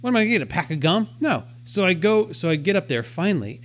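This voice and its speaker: Man, podcast co-host, casual chat, somewhat high voice, animated storyteller, self-deprecating. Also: quick pace, slight background noise. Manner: animated storytelling, self-deprecating, acts out his own thoughts.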